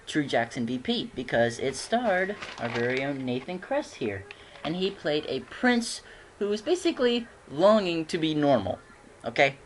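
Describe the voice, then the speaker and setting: Giggly rambling fan reviewer, faint hiss. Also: medium pitch. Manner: rambling, giggly, many restarts. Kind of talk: casual TV episode review.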